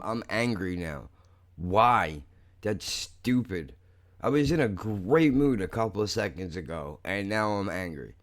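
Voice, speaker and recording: A young man hosting a podcast, talking in a blunt, profane, rambling way that turns angry fast. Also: on the low side, animated. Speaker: podcast host. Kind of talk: casual monologue.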